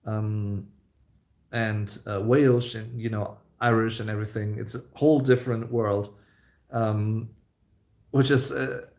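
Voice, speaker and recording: A man's voice: lowish voice, fairly even intonation, takes it slowly, a little mellow. A man with a German accent hosting a casual livestream question-and-answer chat, speaking English as a second language in an easygoing, rambling way with many fillers and restarts. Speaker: host.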